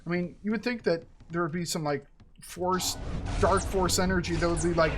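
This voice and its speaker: A man chatting casually as he plays through a game, thinking aloud and getting excited over his rewards. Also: high voice, normal speed, long pauses, music in the background. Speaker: gaming channel host. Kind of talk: casual let's-play commentary.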